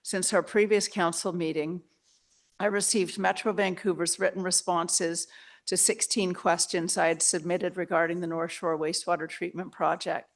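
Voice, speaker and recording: A woman city councillor presenting a motion at a council meeting in a formal, measured way. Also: on the low side, little pitch movement.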